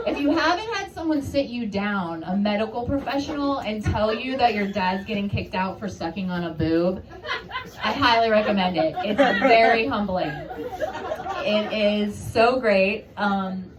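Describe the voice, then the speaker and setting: A woman performing a stand-up comedy set, telling stories in a conversational, self-deprecating way. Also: on the high side. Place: comedy club stage. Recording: noisy club room from a distance. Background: audience laughter.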